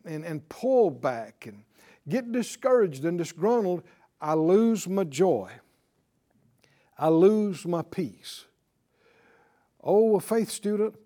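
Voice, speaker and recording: A man preaching with a high, very animated voice that leaps up and down as he talks. He keeps the sermon lively, laughing often and tossing "right?" to his listeners. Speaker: pastor.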